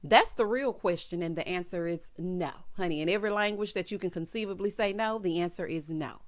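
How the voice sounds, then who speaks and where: A woman vlogger who recaps a TV episode in casual commentary, sassy and animated, often talking straight to the characters. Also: fairly low pitch, brisk.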